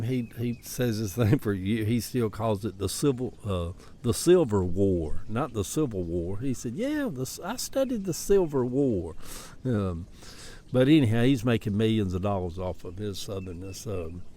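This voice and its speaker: Southern American man in his seventies, rambling folksy storyteller, animated voice, faint outdoor air behind, phone recording. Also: medium pitch, a little hiss or hum. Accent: Southern American, Atlanta Cabbagetown dialect. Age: 70s. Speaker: social media storyteller. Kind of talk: casual vlog monologue. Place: outdoors in a backyard garden.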